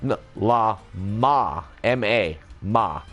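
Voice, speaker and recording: A man's voice: on the low side, lively intonation, very slow, fairly bright tone, highs cut off, faint music behind. Rambling, profane man talking casually.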